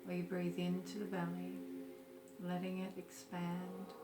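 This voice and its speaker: A woman leading a guided meditation in a slow, gentle, soothing way. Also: fairly low pitch, monotone, very noisy. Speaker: meditation teacher. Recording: roomy with music behind. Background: soft music.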